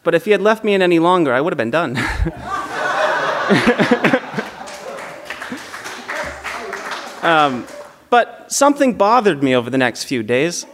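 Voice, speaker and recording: A man's voice: high voice, sing-song, moderate pace, long pauses, crowd noise, background noise. A young man doing stand-up, telling a family story in a wry way and chuckling at his own jokes. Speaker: stand-up comedian.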